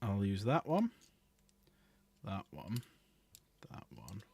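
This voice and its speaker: A man's voice: on the low side, huge pitch swings, slow, vocal fry, a little mellow. Chatty swearing man painting. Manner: chatty, rambling, swears freely. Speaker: painting livestream host. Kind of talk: casual chat while painting models.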